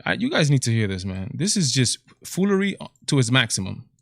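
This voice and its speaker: A man's voice: mid-range voice, very animated, a little fast, vocal fry, dry recording. Dry-sounding incredulous male host. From Latin America. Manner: incredulous, repetitive exclamations. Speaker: commentary video host. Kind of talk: reaction commentary.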